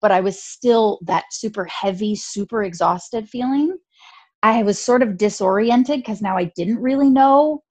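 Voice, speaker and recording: A woman guest on a podcast, telling a personal story in a lively, chatty way, full of "like" and quick laughs. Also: mid-range voice.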